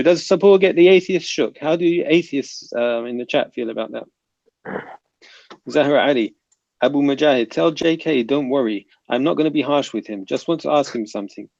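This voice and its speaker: A man with a gravelly, creaky voice hosts a casual livestream panel, reading out chat comments and bantering with guests. The sound is dry and close, with a muffled, lo-fi quality from online call audio. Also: medium pitch, a little mellow, dry recording.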